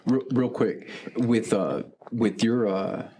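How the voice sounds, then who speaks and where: Man, podcast co-host, interviewing, brisk, direct, low pitch. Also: mellow, a little hiss or hum. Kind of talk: interview questions.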